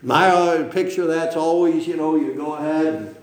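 A man's voice: fairly high pitch, moderate pace. A middle-aged man preaching a sermon as pastor, emphatic, firing rhetorical questions and tagging points with "okay?". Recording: very echoey room.

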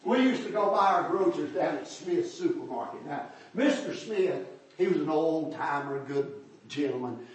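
An older man, preaching a folksy testimony sermon in a church, storytelling that rises to shouts. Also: fairly high pitch, expressive, moderate pace. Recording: echoey hall, far from mic.

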